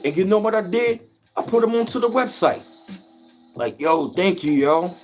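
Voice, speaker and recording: Animated, high-pitched boastful man. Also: moderate pace, soft background music. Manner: boastful, animated street talk with repeated slang. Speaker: vlogger. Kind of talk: casual vlog monologue.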